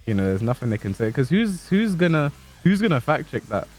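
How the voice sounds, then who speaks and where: A man commentating a fighting-game tournament stream in joking, animated banter with his co-host. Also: on the high side, brisk, soft background music. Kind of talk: casual esports commentary.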